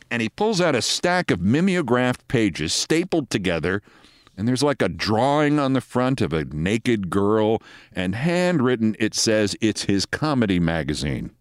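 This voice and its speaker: Loud, emphatic man in his sixties. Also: fairly low pitch, big pitch swings, a little slow, no echo, studio quality. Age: 60s. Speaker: podcast host. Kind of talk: storytelling monologue.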